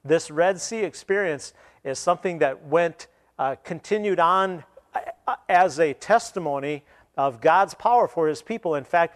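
Give me a man preaching a sermon, a bit high-pitched, stopping and restarting as he explains. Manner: retells scripture, then explains with pauses and restarts.

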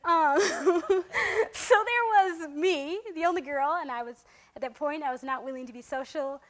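A young woman with a high voice tells a personal story to a group in a relaxed, chatty way. She fills it with ums and laughs. She jumps into playful quoted voices as she goes. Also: unhurried. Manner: animated, acts out quotes in a raised voice, laughs often. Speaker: speaker sharing a testimony. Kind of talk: casual storytelling talk.

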